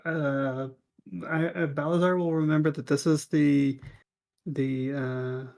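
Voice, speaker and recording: A man playing a tabletop game, speaking in a hesitant, halting way. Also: fairly high pitch, fairly even intonation, creaky, darkish tone. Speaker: player.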